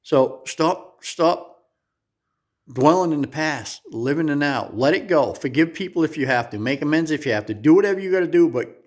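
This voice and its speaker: Earnest, folksy motivational man. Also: mid-range voice. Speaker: motivational speaker. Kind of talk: motivational talk.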